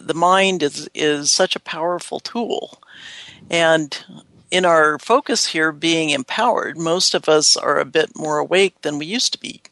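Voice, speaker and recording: A woman's voice: low-pitched, a bit bright, no echo. A woman co-hosting a reflective talk show, speaking thoughtfully with frequent hesitations and restarts. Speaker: podcast co-host. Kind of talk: reflective casual chat.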